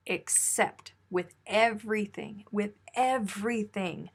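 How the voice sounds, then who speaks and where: Gravelly-voiced woman chatting on a live stream. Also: mid-range voice, fairly even intonation, a little slow. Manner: chatty and teasing, reads comments aloud. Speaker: crochet live stream host. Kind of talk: casual live stream chat reading viewer comments.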